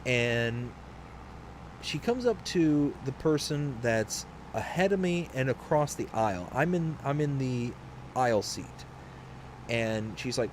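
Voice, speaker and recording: A man's voice: medium pitch, expressive, slow, a little hiss or hum. A man around thirty, a livestream host telling a story in a rambling, chatty way with frequent restarts. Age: late 20s to early 30s. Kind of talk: casual storytelling while streaming a game.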